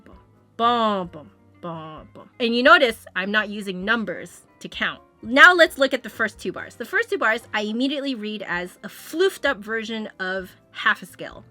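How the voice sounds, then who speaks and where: A woman's voice: medium pitch, bright, forceful tone. A young woman giving a casual, chatty music lesson, explaining rhythm and sight reading. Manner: chatty, explanatory, sings beats with "bum". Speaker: flute teacher.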